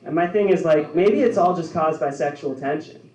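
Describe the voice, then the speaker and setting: A young man doing a stand-up set in a deadpan way, laughing at his own jokes. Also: a little high, normal speed, dull audio. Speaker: stand-up comedian. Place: bar social club stage, heard from afar. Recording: echoey club from far off.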